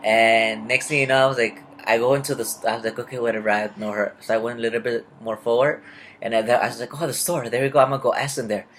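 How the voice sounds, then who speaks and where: A man's voice: mid-range voice, fairly even intonation, fast, fairly bright tone, a little hiss or hum. Rambling young man telling a story. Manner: rambling, confused, retells conversations in quotes. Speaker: vlogger. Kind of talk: casual storytelling.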